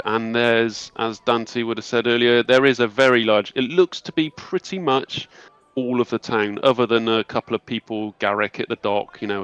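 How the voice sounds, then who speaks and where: A man narrating as game master, telling the scene in an unhurried, descriptive way. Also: mid-range voice, fairly bright tone, smooth, dry recording. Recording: dull lo-fi recording.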